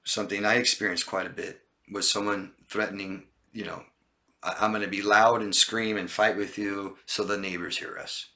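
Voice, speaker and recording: Guy coaching on a live stream, reads out comments, kinda low voice but bright and punchy, keeps asking "okay?". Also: level tone, moderate pace. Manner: emphatic, repeats lists of words and asks "okay?". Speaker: relationship coach. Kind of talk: live-stream Q&A, reading and answering viewer comments.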